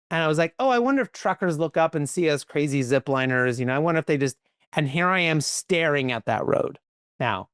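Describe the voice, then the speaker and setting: A man, a podcast guest, telling stories in a lively conversational way, full of "like" and "right?". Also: fairly high pitch, clear, resonant tone, no room sound, clean studio sound. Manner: animated, quick, peppered with "like" and "right?". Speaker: podcast guest, company leader. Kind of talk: conversational storytelling.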